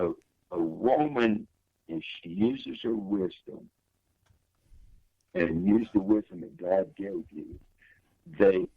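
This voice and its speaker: Older male guest, deep gravelly storyteller, lively emphatic pitch swings. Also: no room sound, lo-fi sound. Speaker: guest, singer. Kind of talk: storytelling in an interview.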